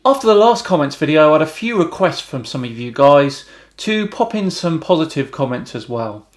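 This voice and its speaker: Wry British man, slightly higher voice. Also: moderate pace. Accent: British English. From Britain. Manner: wry, deadpan. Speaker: YouTube channel host. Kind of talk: reading viewer comments with dry replies.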